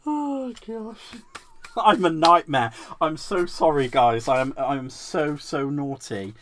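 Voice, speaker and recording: A man's voice: medium pitch, unhurried, fairly bright tone. A man hosting a live crafting demo. He is giggly and playful, mocks himself and answers viewers' comments as he works. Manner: giggly, playful, self-mocking, reacts to chat comments. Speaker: crafting livestream host.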